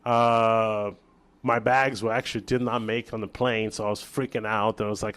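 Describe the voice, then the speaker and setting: A man from Brazil, a chef guest on an interview show, telling a story in casual chat with lively restarts and acted-out dialogue. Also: on the low side, normal speed. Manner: animated storyteller, acts out quoted dialogue, many restarts.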